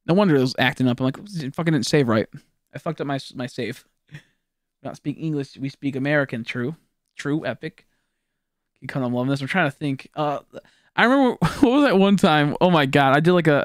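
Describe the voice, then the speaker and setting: A man's voice: a little high, dry recording, clean studio sound. A young man from Texas with a Texan accent, rambling, joking and swearing as he chats with viewers during a game stream. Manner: rambling, swearing, jokey, chatting with viewers while playing. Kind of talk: casual live-stream gaming chat.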